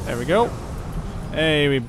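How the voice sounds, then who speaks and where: A man's voice: fairly high pitch, sing-song, a little slow, noisy background. A young man giving casual gameplay commentary, thinking aloud with lots of fillers and chuckles. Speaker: gaming channel host.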